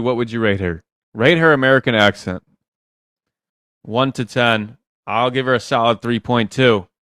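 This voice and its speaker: A man's voice: mid-range voice, fairly bright tone, dry recording, clean studio sound. A man working as a dating coach, giving blunt, teasing advice on a live stream and swearing freely.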